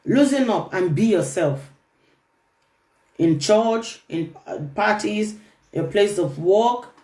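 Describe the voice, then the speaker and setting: A woman's voice: medium pitch, slow pace. Emphatic woman in a roomy space. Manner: emphatic, repeats key phrases. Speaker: relationship talk host. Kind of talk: earnest motivational talk to camera. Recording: roomy echo.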